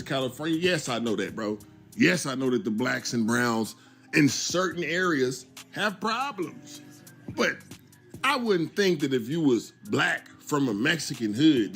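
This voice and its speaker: A man's voice: mid-range voice, fairly bright tone. A man hosting a casual reaction commentary video, talking loosely and peppering lines with 'bro' and 'you understand me.'. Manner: conversational, repeats 'bro' and 'you understand me'. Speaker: YouTube commentary host.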